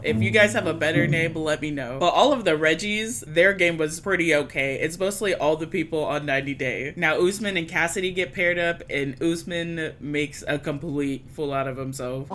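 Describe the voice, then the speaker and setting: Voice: mid-range voice, normal speed, hardly any pauses, a bit bright, faint music behind. A vlogger giving a casual, jokey recap of a reality show, talking in a chatty way with slangy asides.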